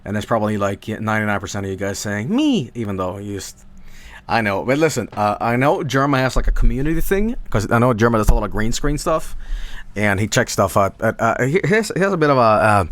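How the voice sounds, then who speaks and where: A man's voice: on the low side, expressive, brisk, fairly bright tone. Rambling, profane Swedish-accented man. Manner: rambling, profane, laughing asides. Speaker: streamer. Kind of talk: casual stream chat.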